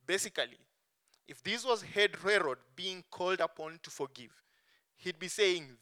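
Bright, crisp-voiced preacher. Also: male voice, high-pitched, animated, moderate pace. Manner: emphatic, swings between strong stresses and soft dropped endings. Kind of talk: sermon.

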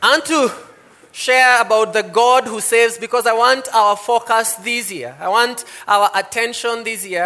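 A man preaching a sermon, reading scripture and then laying out his points with slow, emphatic stress. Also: high voice, fairly even intonation, sharp tone. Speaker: pastor.

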